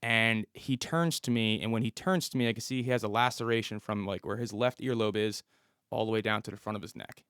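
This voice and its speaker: A man's voice: on the low side, a little fast, a bit bright, clear, resonant tone, dry recording, studio quality. A man in his thirties, a police officer and podcast guest, telling a story and acting out what people said. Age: 30s. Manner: vivid storyteller who acts out the dialogue. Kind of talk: storytelling interview.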